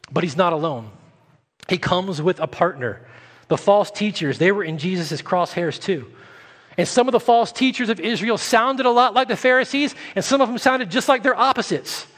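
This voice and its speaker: A man preaching a sermon as pastor, earnest, often slowing and softening his voice for emphasis. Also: high-pitched. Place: church sanctuary. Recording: long hall reverb.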